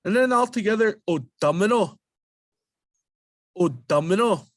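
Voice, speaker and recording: A man teaching a language lesson, drilling vowel sounds slowly and repeating each word patiently. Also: high-pitched, animated, no echo, clean studio sound. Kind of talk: slow spoken language lesson.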